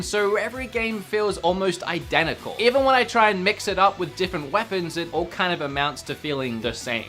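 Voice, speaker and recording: Bubbly man hosting a game review, pitch bouncing all over, chatty and self-deprecating. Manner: energetic, chatty, self-mocking, quick to laugh. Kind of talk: upbeat game review video.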